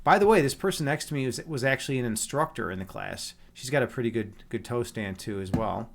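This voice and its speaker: A man's voice: mid-range voice, quick pace, gravelly, a little hiss or hum. A man hosting a livestream, chatting casually with viewers in a joking, teasing way, with many restarts and fillers. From Chicago. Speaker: livestream host.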